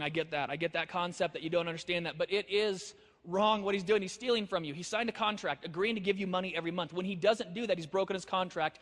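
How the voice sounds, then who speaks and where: An animated male speaker who tells stories in a rapid, high-pitched voice and acts out every exchange. The sound carries the long echo of a large hall. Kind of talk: storytelling sermon.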